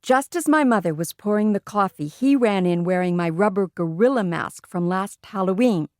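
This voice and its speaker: A woman narrating a children's book in the first person, telling it in a lively way. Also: medium pitch, moderate pace, no room sound, clean studio sound. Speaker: audiobook reader.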